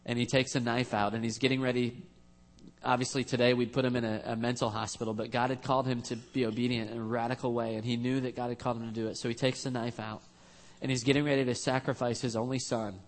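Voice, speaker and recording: A man's voice: medium pitch, flat delivery, quick pace. A man preaching a sermon as a pastor, earnest and conversational, with frequent restarts.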